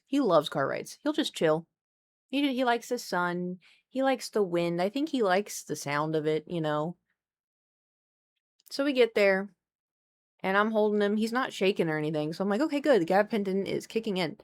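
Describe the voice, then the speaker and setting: A young woman talks into a desk microphone at home during a live stream. She tells a story in a chatty, animated way, with quick asides. Now and then she breaks off to talk to her cat. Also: mid-range voice. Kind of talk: casual storytelling to live chat.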